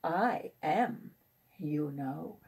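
A woman's voice: deep voice, lively intonation, very slow, a little mellow, slightly rough, pitched below the performer's own voice, heavily acted. A woman voicing an eager, curious young male pollywog who becomes a frog, in a picture-book reading.

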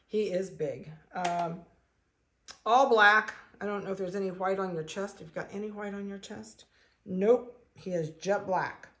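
A woman breeder narrating a casual video, chatting along and cooing softly to the animals she handles. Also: mid-range voice, a little slow. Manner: chatty, coos softly to puppies. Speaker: dog breeder.

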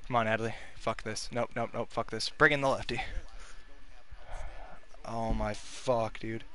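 Young male gamer host, swears a lot while he plays, bright tense voice. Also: lowish voice, steady tone, unhurried, smooth. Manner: profane, frustrated, talks to his players. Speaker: gaming video host. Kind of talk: casual gameplay commentary.

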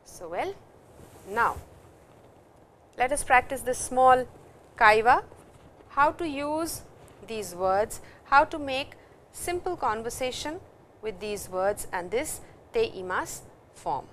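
A woman's voice: a little high, animated, takes it slowly, long pauses, a bit bright, a little hiss or hum. A woman with an Indian English accent teaching a recorded Japanese language lecture, reading example sentences and explaining them in English.

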